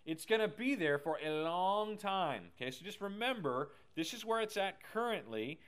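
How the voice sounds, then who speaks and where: A man teaching a lively Bible lesson who keeps checking in with the class and retells scripture in casual slang. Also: high voice, moderate pace, smooth. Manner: chatty, keeps asking "right?", paraphrases scripture in slang.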